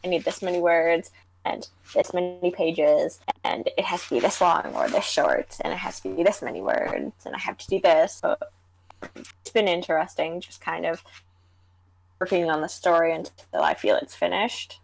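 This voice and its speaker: A young woman from Canada co-hosting a podcast, chatting in a relaxed way, full of "like" and "kind of". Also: on the low side, moderate pace, gravelly, poor audio. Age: young adult. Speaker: podcast co-host, writer. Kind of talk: casual chat.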